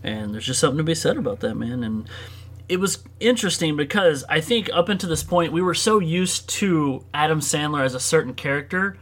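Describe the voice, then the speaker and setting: A man with a slightly higher voice hosts a relaxed chat, speaking in easy, slangy phrases. He keeps the talk moving by asking his guest questions. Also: brisk. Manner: laid-back, slangy, steers the talk with questions. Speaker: podcast host. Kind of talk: casual chat.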